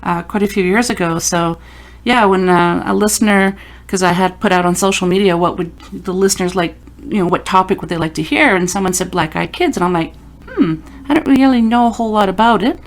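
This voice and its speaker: On her paranormal podcast, a woman speaks fairly quickly in a voice on the low side. She keeps the interview chat casual, weaving in stories and quoted asides.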